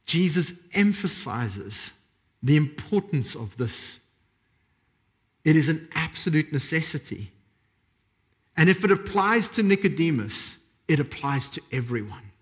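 A man preaching a sermon as a pastor, emphatic and repetitive, with dramatic pauses. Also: a little high, very animated.

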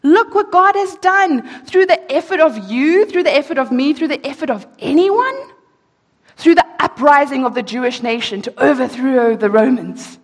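A woman preaching a sermon, reading scripture slowly and emphatically and asking rhetorical questions. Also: sits high, expressive. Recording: echoey hall.

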